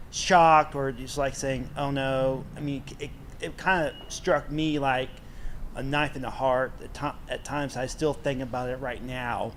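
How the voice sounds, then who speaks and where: A man's voice: medium pitch, slight background noise. A man interviewing a guest on a panel, asking casual questions in a rambling way with many restarts. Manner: rambling, restarts often, stammers.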